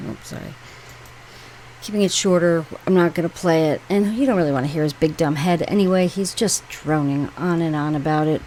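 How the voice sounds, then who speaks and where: Rambling low-voiced woman host. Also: a little fast, darkish tone, slight background noise, poor audio. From New York. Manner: rambling, conversational, with frequent fillers and asides. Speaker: channel host. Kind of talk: casual commentary reading online posts.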